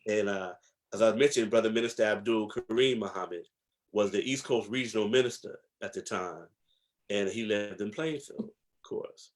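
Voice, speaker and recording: A man from New Jersey with a rather low voice talks through his memories as an interview guest. He speaks reflectively and with emphasis, pausing on fillers as he builds each point. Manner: reflective, slow, emphatic storytelling with many fillers. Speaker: guest, historian. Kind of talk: casual interview storytelling.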